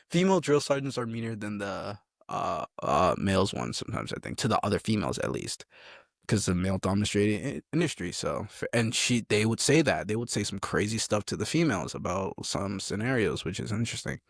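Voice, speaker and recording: A young adult man, a soldier, telling stories in a casual, animated way, laughing often and acting out what people said. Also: lowish voice, fairly quick, vocal fry, no echo, clean studio sound. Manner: animated, laughing, acts out quotes. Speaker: army soldier, podcast guest. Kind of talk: casual storytelling chat.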